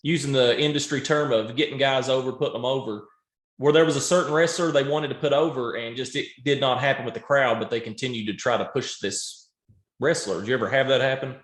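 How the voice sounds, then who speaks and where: A male podcast host asking measured, leading interview questions. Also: mid-range voice. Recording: roomy echo.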